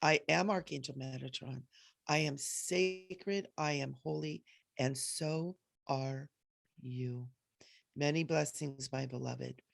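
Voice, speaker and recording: Woman channeling a gentle, solemn archangel. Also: low-pitched, slow, gravelly, no room sound, full character voice. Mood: tender. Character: benevolent male archangel offering help and blessings. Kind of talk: spiritual channeling.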